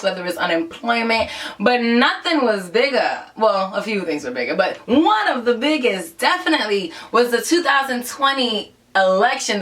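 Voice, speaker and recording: A woman hosting an upbeat vlog countdown, talking in an enthusiastic, conversational way and giving lots of shout-outs. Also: fairly high pitch, far from the mic. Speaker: host of a countdown show.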